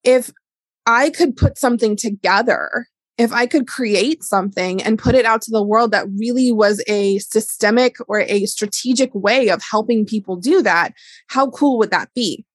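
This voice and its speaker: Middle-aged woman, a touch high, solo podcast talk, candid and chatty, dry close sound. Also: moderate pace, dry recording. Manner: candid, chatty, heavy use of "like". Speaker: wellness educator and business owner. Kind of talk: casual solo podcast monologue.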